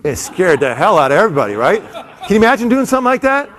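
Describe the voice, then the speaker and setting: A man giving a live, comedic motivational talk to an audience, animated and full of quick asides to the crowd. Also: sits high, a little hiss or hum. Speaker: motivational speaker. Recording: long hall reverb.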